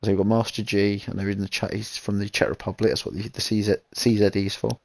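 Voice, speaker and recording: Gravelly low-voiced race commentator man. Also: little pitch movement, fast talker, darkish tone, dry recording. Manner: easygoing, rambling, reads chat messages. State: recovering from a kidney infection. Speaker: sim racing league commentator.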